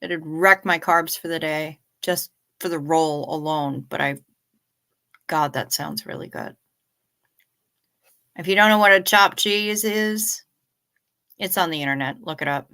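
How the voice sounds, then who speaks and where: A woman's voice: sits low, unhurried, long pauses, pushed and bright, smooth. A woman in young adulthood hosting a casual late-night livestream, chatting, reading out viewer comments and swearing freely. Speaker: livestream host.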